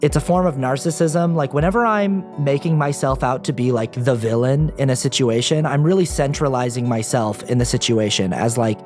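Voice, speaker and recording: A man's voice: mid-range voice, fairly quick, few pauses, darkish tone, soft background music. Earnest self-deprecating young man. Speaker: guest. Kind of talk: candid personal interview talk.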